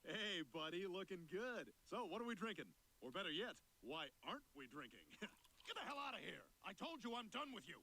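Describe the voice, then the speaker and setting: An actor voicing a wisecracking, self-serving adult talking dog with a sardonic, wheedling manner. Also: male voice, high-pitched, sing-song, a little fast, bright, forceful tone, exaggerated voice. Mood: brash.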